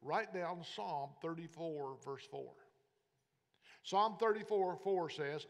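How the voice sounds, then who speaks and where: High-voiced preaching pastor in a reverberant hall. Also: male voice, takes it slowly. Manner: preaching with storytelling and scripture reading. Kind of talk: sermon. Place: church sanctuary.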